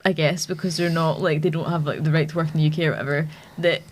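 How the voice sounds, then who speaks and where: A woman's voice: low-pitched, fairly even intonation, quick pace, slight background noise. A woman co-hosting a casual film podcast, laying out the plot analytically and spinning playful hypotheticals. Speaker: podcast co-host. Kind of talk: casual film review chat.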